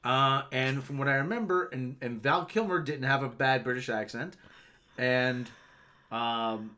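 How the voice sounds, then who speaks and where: A woman's voice: extremely low pitch, measured pace, sharp tone. A woman chiming in during a casual livestream chat, agreeing with short replies and recalling details.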